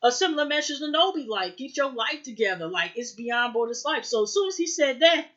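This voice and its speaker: Female TV recapper with a fairly high voice, loose and rambling, full of "you know" and "like", slipping into character voices. Muffled, lo-fi home recording. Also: lively intonation, brisk, fairly bright tone. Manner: rambling, heavy fillers, acts out dialogue. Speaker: TV recap reviewer. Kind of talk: casual episode recap.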